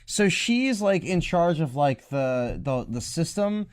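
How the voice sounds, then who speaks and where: Animated, profane young man ranting on a podcast. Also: on the high side, takes it slowly. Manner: animated, profane, mocking quoted lines. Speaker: podcast co-host. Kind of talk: casual podcast chat.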